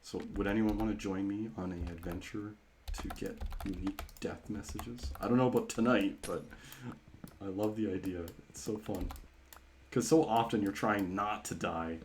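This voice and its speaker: A man streams live, chatting casually with viewers as he plays, rambling and often bursting into laughter. His voice is fairly low, a little mellow, with fairly even intonation at a moderate pace, and there's slight background noise.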